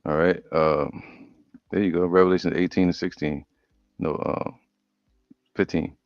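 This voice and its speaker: A man preaching, reading Bible verses slowly and breaking off into casual commentary. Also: sits low, fairly even intonation, dry recording. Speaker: preacher teaching scripture. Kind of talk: scripture study sermon. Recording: dull lo-fi audio.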